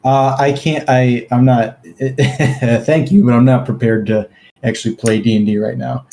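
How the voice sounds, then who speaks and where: Bashful male player, laughs easily, dark mellow tone. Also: medium pitch, steady tone, a little slow, slight background noise.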